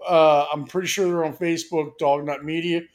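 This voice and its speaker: A podcast co-host from Philadelphia signs off loosely, swearing and joking in crude, casual chat. His voice is a little high and fairly quick, with fairly even intonation.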